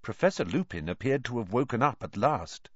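A man reading a novel aloud as narrator, in an expressive, varied way. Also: mid-range voice, brisk, dry recording, highs cut off. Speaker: audiobook narrator.

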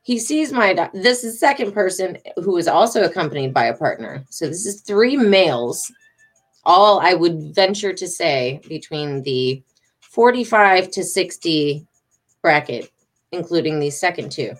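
A woman's voice: fairly low pitch, expressive, measured pace. A middle-aged woman telling a story casually to her followers, agitated, emphatic and rambling, with swearing. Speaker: vlogger.

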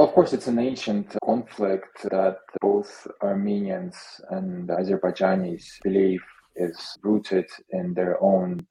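A man's voice: fairly low pitch, gravelly, warm tone, low-quality recording. A man from Russia, a journalist guest, answering interview questions in a hesitant way with many fillers.

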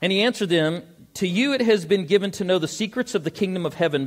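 A man's voice: high voice, expressive. A male pastor preaching a sermon, reading scripture aloud and asking the congregation rhetorical questions. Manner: reads scripture aloud, slows for stressed words.

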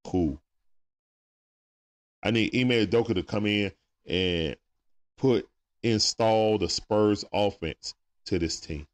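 A man's voice: fairly low pitch, slow, long pauses. A young man hosting a live stream, chatting casually with viewers and reading their comments in a laid-back, slangy way.

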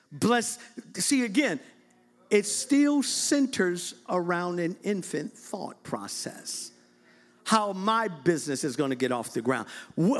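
A middle-aged man preaching a lively church sermon to his congregation, playful and animated, breaking into shouts and laughter. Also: high voice. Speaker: bishop preaching.

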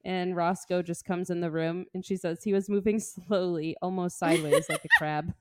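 A woman's voice: fairly low pitch, normal speed, no echo. A woman co-hosting a podcast, chatting about a book in a playful, giggly way. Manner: playful, giggly, lively talk. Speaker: podcast co-host. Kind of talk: casual book-club chat.

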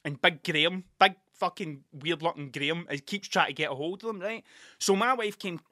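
Sweary rambling man, bright voice. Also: on the high side, moderate pace, dry recording, studio quality. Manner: rambling, sweary, laughs through stories. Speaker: podcast host and artist. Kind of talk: casual monologue.

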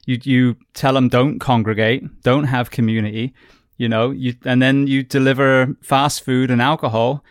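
A man hosting a podcast, speaking in a measured, reflective way, building a point in long runs. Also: medium pitch, little pitch movement, dry recording, clean studio sound. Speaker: podcast host. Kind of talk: podcast conversation.

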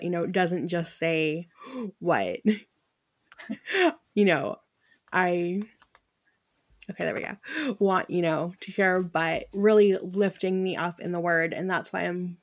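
A woman in her thirties hosting a faith podcast. She speaks in a chatty, affirming way, asking questions and making quick asides. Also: lowish voice, fairly even intonation, vocal fry. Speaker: podcast host. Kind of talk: casual faith podcast conversation.

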